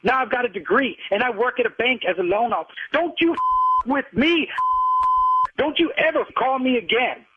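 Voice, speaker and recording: Indignant male caller, high and husky, heard over a phone line. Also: lively intonation, fast talker, few pauses. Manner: indignant, insulting, repeats "man". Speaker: prank call target. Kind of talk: heated phone argument.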